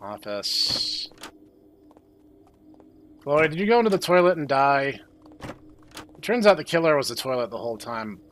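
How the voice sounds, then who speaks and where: A young man doing sarcastic, deadpan commentary while playing a horror game. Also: medium pitch, unhurried, pauses often, slight background noise. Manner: deadpan, dry sarcastic asides. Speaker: game streamer. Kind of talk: sarcastic let's-play commentary.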